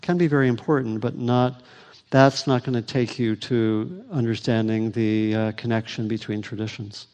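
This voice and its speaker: A man giving a Buddhist teaching and answering questions, speaking thoughtfully with frequent pauses and fillers. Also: mid-range voice, fairly even intonation, darkish tone. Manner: thoughtful, halting, many fillers. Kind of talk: dharma talk Q&A. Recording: reverberant hall.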